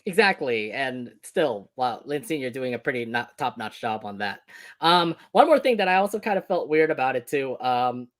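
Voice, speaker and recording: Lively, laughing man reviewing a movie. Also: mid-range voice, moderate pace. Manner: laughs often, rambling with fillers. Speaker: co-host. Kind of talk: casual review chat.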